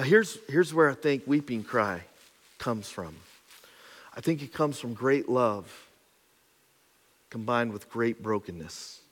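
A man preaching a sermon as a pastor, swinging between loud, urgent passages and soft, hushed ones, repeating phrases for emphasis with casual fillers. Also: medium pitch. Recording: long reverb of a large hall.

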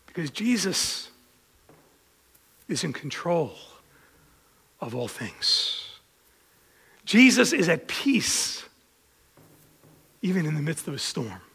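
A man preaching a sermon, his voice high for a man with a gravelly edge. He talks conversationally, swings up into emphatic bursts and then drops down low. The sound carries a long hall reverb. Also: a bit bright. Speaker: pastor.

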